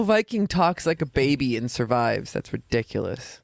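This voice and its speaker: A man co-hosting a podcast in casual chat, jokey and quick to mock, now and then trying out silly voices. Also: mid-range voice, sing-song, gravelly, dry recording, clean studio sound. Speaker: podcast co-host.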